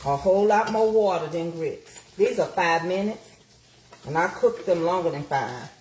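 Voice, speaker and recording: A woman's voice: fairly low pitch, animated, normal speed, darkish tone, a little hiss or hum. A middle-aged woman chatting casually in a livestream while she cooks in her home kitchen, folksy and motivational. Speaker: vlogger. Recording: echoey kitchen with frying sizzle.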